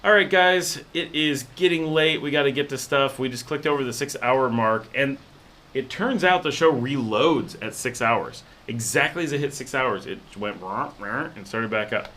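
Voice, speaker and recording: A man hosting a casual livestream, telling stories in a relaxed way and reading out viewer comments. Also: medium pitch, normal speed. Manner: relaxed storytelling, reads viewer comments aloud. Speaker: livestream host.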